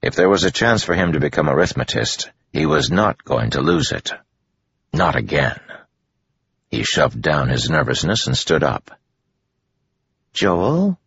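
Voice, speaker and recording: A man reads a novel aloud in measured, even narration. His voice is extremely deep with a gravelly, husky edge. The recording sounds dull and lo-fi. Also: no echo. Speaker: audiobook narrator. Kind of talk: scripted narration. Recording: dull lo-fi audio.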